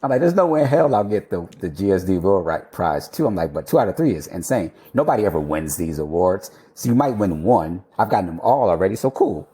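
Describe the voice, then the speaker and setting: A man, an architect and podcast guest, telling a candid, animated story in casual conversation and now and then swearing. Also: low-pitched, brisk, hardly any pauses.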